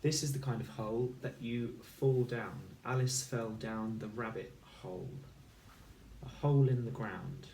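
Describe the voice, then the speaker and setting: Man, phonics teacher, unhurried careful speech, sounds out letters, echoey room, set back from the mic. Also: mid-range voice, fairly even intonation, dark tone, distant mic, slight background noise. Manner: slow, clear, sounds out letters and words. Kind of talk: recorded phonics lesson for children.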